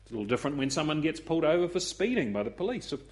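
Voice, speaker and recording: Guy preaching, slightly high voice, gets animated acting out the quotes. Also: rapid-fire. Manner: expressive, acts out quoted voices with rising pitch. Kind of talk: sermon.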